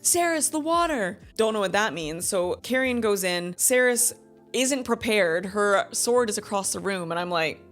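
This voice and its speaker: A woman in her thirties hosting a book club review in a chatty, animated way, laughing often and acting out quotes. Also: medium pitch, normal speed, faint music behind. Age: 30s. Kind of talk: casual book review chat.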